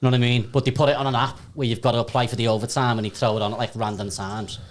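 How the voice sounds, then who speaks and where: A young man rattles through his stories at a rapid clip, peppering them with swearing and bursts of laughter. His pitch sits in an ordinary middle range, and his tone is casual and chatty throughout. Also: flat delivery, slight background noise. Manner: fast, sweary, laughing storyteller. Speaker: podcast guest comedian. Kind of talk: casual chat.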